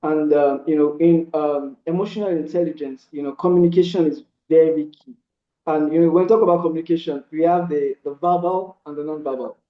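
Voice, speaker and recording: A man's voice: on the high side, steady tone, fairly quick. A man giving earnest, casual relationship advice, padding his points with frequent "you know" fillers and restarts. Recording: roomy, dull lo-fi sound.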